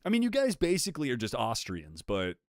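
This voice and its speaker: A man's voice: mid-range voice, huge pitch swings, fairly quick, dry recording, clean studio sound. A young man streaming live, bantering with chat in a joking, profane way.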